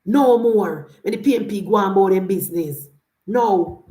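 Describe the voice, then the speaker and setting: A woman's voice: medium pitch, moderate pace, warm tone, echoey room. A Jamaican woman giving opinionated political commentary, indignant, firing off rhetorical questions and slipping into Patois.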